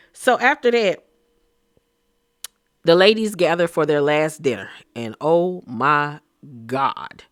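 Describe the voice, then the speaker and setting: A man giving a casual, gossipy recap of a reality TV episode, talking in an animated, slang-filled way. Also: high-pitched, clean tone, no echo, clean studio sound.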